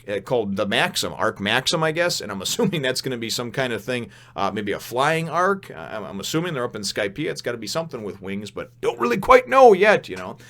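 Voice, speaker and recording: A young man in the middle of his pitch range talks through a manga chapter in a loose, conversational review. He rambles, restarts his sentences and leans on fillers, his energy jumping up and down as he goes. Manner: rambling, animated, many fillers and restarts, laughs often. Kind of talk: casual spoken review.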